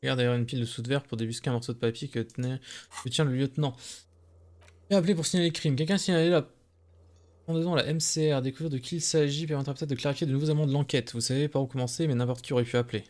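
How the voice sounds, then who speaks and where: A man's voice: medium pitch, fairly even intonation, rapid-fire, darkish tone. A man playing a video game on stream, casually reading out dialogue choices and joking. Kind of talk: let's play commentary, reading dialogue aloud.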